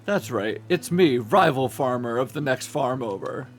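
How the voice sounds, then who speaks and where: A man's voice: mid-range voice, expressive, normal speed, faint music behind, lightly acted. A man voicing a grumpy, spiteful male rival farmer who blusters and threatens in a game.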